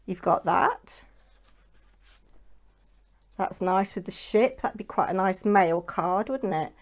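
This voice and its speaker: In this chatty crafting vlog, a woman with a medium-pitched voice speaks at a slow pace. She runs a papercraft channel and meanders through her project in a talkative way, often ending lines with tag questions.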